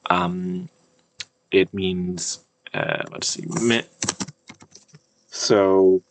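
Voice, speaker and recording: Guy at his computer walking through an old text, slow and kinda low, lots of ums and restarts, some keyboard typing behind. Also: gravelly, a little hiss or hum. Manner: hesitant, thinking aloud with many fillers and restarts; reads old-language text slowly, word by word. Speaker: language teacher. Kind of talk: casual screen-share lesson.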